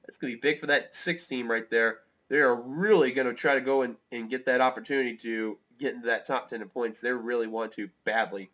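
A man calling a motor race play by play, excitable and rising to near-shouts at close finishes. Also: mid-range voice. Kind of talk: live motorsport commentary.

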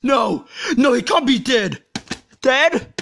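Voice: high voice, expressive, slow, creaky, fairly bright tone, slight background noise, exaggerated voice. A performer voicing a whiny boy who panics and wails. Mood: worried. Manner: panicky, wailing outbursts. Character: whiny boy who kills with a cursed book.

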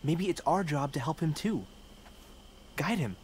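An actor playing a calm, earnest young man in a video game, speaking in a measured way, with faint game ambience behind. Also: a little high, slight background noise.

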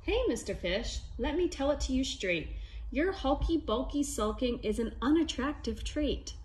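A woman's voice: high-pitched, lively intonation, normal speed, darkish tone, voice pushed up. A woman voicing a blunt male octopus who talks straight and scolds. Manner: blunt, matter-of-fact scolding.

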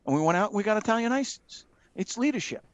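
A middle-aged man, a retired fire captain, telling lively stories with frequent ums and acting out the dialogue he quotes. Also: high-pitched, quick pace, no room sound, lo-fi sound. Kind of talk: casual storytelling in a live video chat.

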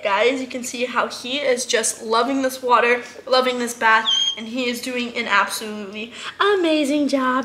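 A woman's voice: fairly high pitch, normal speed, few pauses, bright, forceful tone, slight background noise. A young woman hosting a casual animal vlog, explaining things to viewers and cooing in baby talk to a pet. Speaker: animal care vlogger.

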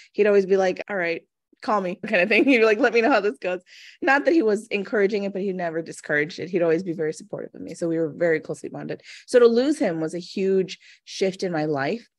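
A woman's voice: on the low side, dry recording, clean studio sound. A woman in her thirties, a manifestation coach, telling a personal story in an earnest, chatty way during an interview. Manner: earnest, storytelling, acts out quoted voices. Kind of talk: casual interview conversation.

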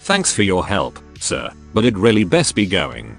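A nervous, polite young runner, voiced by a synthetic male reader. The pitch sits low but leaps around in a lively way. Soft music hums in the background. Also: a little slow, gravelly, exaggerated voice.

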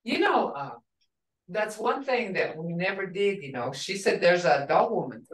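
A woman's voice: lowish voice, lively intonation, normal speed. Older lady teacher rambling thru a story, sounds far off the mic in a roomy class. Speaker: language instructor.

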